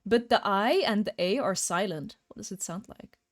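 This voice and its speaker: A woman's voice: medium pitch, moderate pace. A woman streamer with a light Dutch-tinged English accent, chatting casually and giggling often. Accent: light mixed Dutch-tinged. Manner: giggly, animated. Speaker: streamer host. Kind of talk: casual chat on a livestream.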